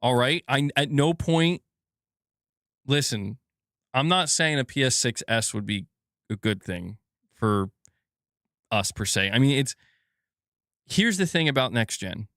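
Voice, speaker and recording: A man's voice: medium pitch, expressive, measured pace, pauses often, a bit bright, no room sound, studio quality. A man hosting a casual gaming news live stream, rambling and swearing as he reads viewer comments aloud.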